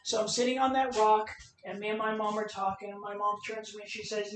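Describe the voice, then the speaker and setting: A woman's voice: mid-range voice, fast talker, recorded from a distance. A middle-aged woman tells her own story in an earnest, emphatic way and acts out the voices of the people she quotes. She is speaking on a video call, so her voice comes from a little way off the mic and sits in a roomy space, with a faint hum of ambience behind her. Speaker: transgender advocate speaker. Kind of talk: personal storytelling talk.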